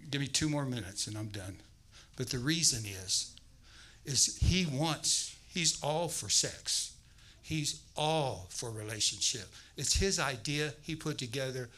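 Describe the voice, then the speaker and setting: Bright-voiced, animated male preacher. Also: medium pitch, takes it slowly, rough recording. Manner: animated storytelling, acting out voices. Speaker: guest preacher. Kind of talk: sermon.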